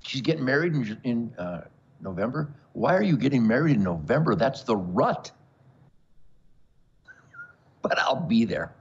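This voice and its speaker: An older man holds forth as a show host, boastful and bombastic, joking and laughing at his own lines. His husky voice swings widely in pitch. The sound is dull and lo-fi, like a broadcast feed. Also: very animated, moderate pace. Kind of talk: rambling monologue to camera.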